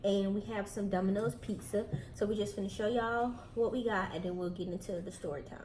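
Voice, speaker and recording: A young Southern woman talks chattily to her viewers between bites, slightly out of breath. Her voice sits at a middle pitch and sounds roomy, with a faint hiss behind it. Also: fairly even intonation, fairly quick, darkish tone. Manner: chatty, addresses viewers directly. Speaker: vlogger host. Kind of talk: casual chat while eating.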